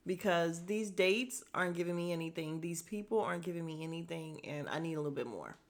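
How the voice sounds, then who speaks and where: A woman's voice: lowish voice, animated, a little fast. A woman hosting a podcast, giving a casual, blunt and opinionated recap of a reality dating show and talking straight to her listeners. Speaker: podcast host.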